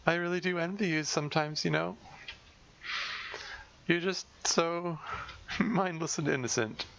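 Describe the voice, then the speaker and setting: A man's voice: medium pitch, lively intonation, moderate pace, sharp tone, dull audio, slight background noise, pitched above the performer's own voice. A man voicing a desperate, sardonic teenage girl who leads a club, talking in a bitter, rambling, self-mocking way.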